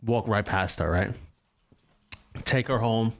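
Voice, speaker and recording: A man's voice: on the low side, takes it slowly. A young man casually telling a rambling, profane story in a chat with friends.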